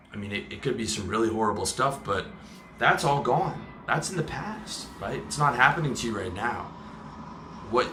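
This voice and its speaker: Emphatic coach with a bright, roomy voice. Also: male voice, fairly low pitch, slight background noise. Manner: emphatic, keeps checking in with "okay?" and "right?"; swears casually. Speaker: lifestyle coach. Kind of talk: motivational talk to camera.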